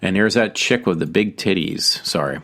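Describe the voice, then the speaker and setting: With a low, slightly bright voice and lively intonation at a normal pace, the host chats casually on his own show. He rambles, corrects himself often, fills gaps with um, and keeps adjusting his home mic.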